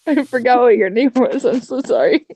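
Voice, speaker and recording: A woman's voice: on the high side, moderate pace, warm tone, no echo. A woman playing a tabletop game, playful and cheeky in casual chat. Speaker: player.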